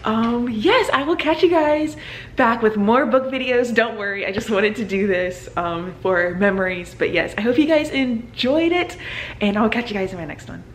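A young woman in her twenties, a medical student, talking casually to camera with lots of fillers and excited exclamations. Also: on the high side, normal speed, background noise. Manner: excited and emotional, many fillers like "like" and "oh my God".

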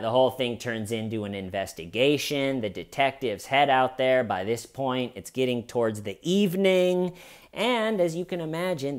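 A man giving sarcastic, comedic true-crime commentary as a host, telling the story with animated jabs. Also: mid-range voice, clean tone.

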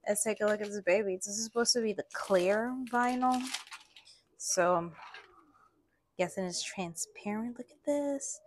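A young woman from Latin America, vlogging an excited unboxing and gushing with delight. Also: medium pitch, unhurried, slight background noise. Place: in the Philippines.

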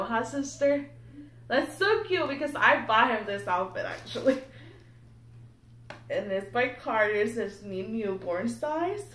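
A young woman chatting excitedly to camera while unboxing something at home, nervous and giggly. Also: fairly high pitch. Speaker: vlogger. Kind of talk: casual unboxing chat to camera. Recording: echoey room, mic a bit distant, faint background noise.

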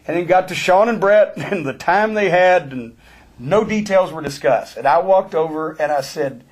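Man, high pitched, profane storytelling, sarcastic, animated. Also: normal speed, slightly rough. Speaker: storyteller guest.

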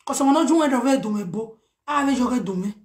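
A woman with a Nigerian accent delivering a heated, animated message to camera, mixing pidgin with a local language. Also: a little high, fast talker. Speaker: social media personality. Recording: roomy echo.

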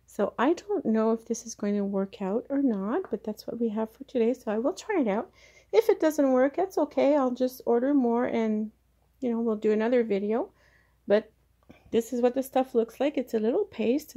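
A plant grower demonstrates propagation in a casual how-to, talking while she works with her hands. She's chatty yet hesitant, with a mellow, fairly high voice at a moderate pace, recorded by a camera mic held very close.

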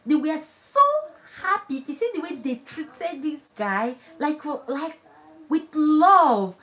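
A woman from Nigeria with a Nigerian accent, whose first language is Igbo, chatting casually and warmly with live viewers, laughing often and restarting her phrases. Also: high voice. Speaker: vlogger.

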